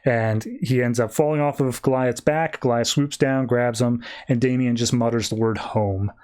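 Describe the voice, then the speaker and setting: A man's voice: medium pitch, normal speed. Man casually recapping a comic book. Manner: animated retelling, slipping into character voices. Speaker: podcast host.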